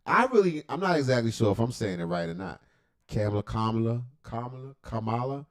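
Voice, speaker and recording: A man rambles through a casual livestream reaction, cursing and joking as he goes. His pitch swings widely from low mutters to sudden high jumps, while his voice sits at an ordinary middle height. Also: sing-song, fast talker. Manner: rambling, profane, joking asides.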